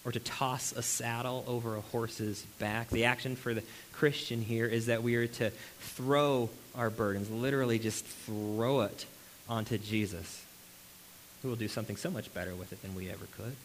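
Guy preaching to a room full of people, mid-pitched voice, animated, asks lots of questions, faint hiss behind. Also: normal speed, low-quality recording. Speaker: pastor. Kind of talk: sermon. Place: room with a congregation.

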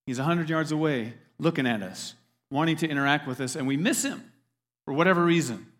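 A man's voice: a little high, brisk. A man preaching a sermon as a pastor, earnest, repeating words as he stresses his points. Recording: long hall reverb.

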